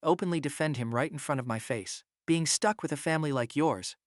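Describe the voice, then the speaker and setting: A man's voice: a little high, fairly quick, no room sound, studio quality, natural voice. A man voicing a scornful young man, the returned heir, who talks in a cold, mocking way.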